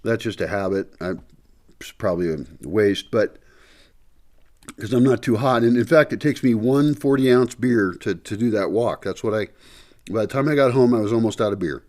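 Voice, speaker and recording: A man's voice: on the low side, moderate pace, a little mellow. A man talking casually to his camera in a vlog, rambling and thinking aloud with many fillers, his speech a little muffled by a candy in his mouth. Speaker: vlogger. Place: house indoors before dawn.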